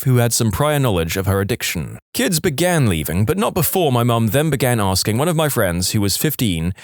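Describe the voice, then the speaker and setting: A man's voice: mid-range voice, no room sound, clean studio sound. A man reading internet stories aloud as a podcast narrator, telling them expressively. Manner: expressive storytelling. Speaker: story narrator.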